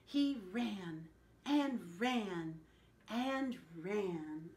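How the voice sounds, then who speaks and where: A woman telling a picture-book story to children, animated and asking them questions along the way. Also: medium pitch, very slow. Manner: animated, asks the listeners questions. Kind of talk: picture-book read-aloud. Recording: echoey room.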